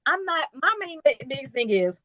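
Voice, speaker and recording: A woman's voice: sits high, sing-song, a little fast, bright, forceful tone, dry recording, highs cut off. A woman business owner talking in an interview, emphatic and preachy, with repetitive motivational phrasing. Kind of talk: casual interview talk.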